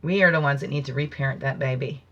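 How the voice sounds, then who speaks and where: A woman hosting a spiritual teaching talk, speaking in a meandering, reflective way with musing asides and slow, drawn-out emphasis on key phrases. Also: a bass voice, muffled recording. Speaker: host.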